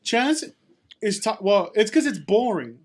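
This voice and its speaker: A man co-hosting a casual podcast chat, telling a story with lively acted-out quotes. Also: sits high, a little slow. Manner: animated storyteller, acts out quoted voices. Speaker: podcast co-host.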